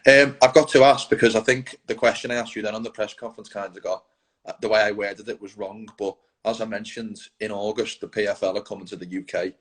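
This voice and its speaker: Rambling low-voiced interviewer. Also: male voice, fairly even intonation, fast talker, a bit bright, poor audio. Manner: rambling, friendly questions with restarts. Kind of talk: casual interview.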